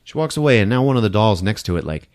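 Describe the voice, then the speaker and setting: A man's voice: fairly low pitch, fast talker. A man hosting a podcast, casually retelling a film plot with lots of laughter and acted-out bits. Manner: animated, laughing often, acting out scenes. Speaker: podcast host. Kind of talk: casual movie recap.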